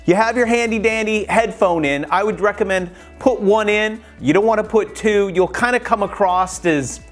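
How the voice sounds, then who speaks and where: Chatty high-voiced man giving tips. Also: moderate pace, soft background music. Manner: chatty and animated, acts out quoted exchanges. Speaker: YouTube creator. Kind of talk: casual how-to vlog.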